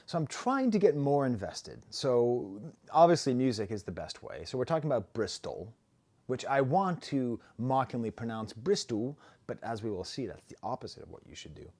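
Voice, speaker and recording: A middle-aged American man hosts a casual music review video, rambling through his points and making self-deprecating jokes. His warm, mellow voice sits at an ordinary pitch with big pitch swings, and he talks at a normal speed.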